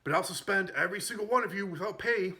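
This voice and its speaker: A man's voice: high-pitched, fast, bright, forceful tone, pitched above the performer's own voice. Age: middle-aged. Figure: man putting on a blustery pompous police captain. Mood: indignant. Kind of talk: comic retelling of a movie scene.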